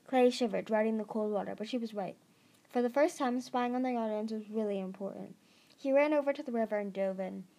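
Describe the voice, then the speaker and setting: A woman's voice: medium pitch, vocal fry, dark tone. A woman narrating an amateur audiobook reading, stumbling over words and restarting.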